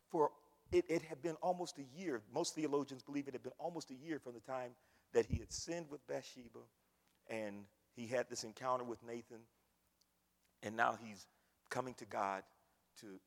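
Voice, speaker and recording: A man preaching a sermon, swinging between hushed pleading and loud cries. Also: fairly high pitch, breathy edge. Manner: impassioned, swings from hushed to shouting. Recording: long hall reverb.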